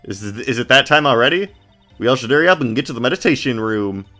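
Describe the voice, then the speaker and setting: A man's voice: mid-range voice, lively intonation, fast, bright, forceful tone, soft background music. A man voicing a flustered young male lawyer in a game, speaking in a hesitant, stammering way.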